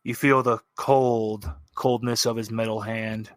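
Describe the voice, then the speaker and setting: A man's voice: fairly low pitch, level tone, a little slow, no room sound. A man narrating as game master in a tabletop role-playing game, describing action plainly.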